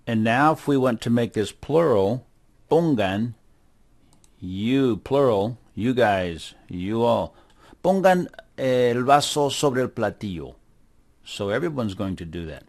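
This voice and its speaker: A middle-aged man teaching a kids' class at a very unhurried pace, with a voice of ordinary pitch. He drills words one by one and repeats each one patiently. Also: lively intonation, darkish tone. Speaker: Spanish teacher. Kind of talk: slow, deliberate classroom instruction for kids.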